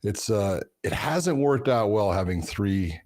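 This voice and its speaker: A lower-pitched man giving fight analysis on a podcast, explaining things steadily. The sound is dry and close, with no room echo. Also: lively intonation, a little mellow. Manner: measured, explanatory, repeats words when starting. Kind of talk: casual analysis chat.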